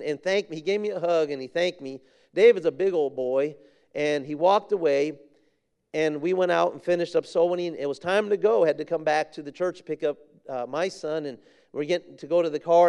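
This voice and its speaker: A man's voice: fairly high pitch, darkish tone, smooth. A man preaching a sermon with fervor, repeating phrases for emphasis and reading scripture in King James wording. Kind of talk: sermon with a personal story.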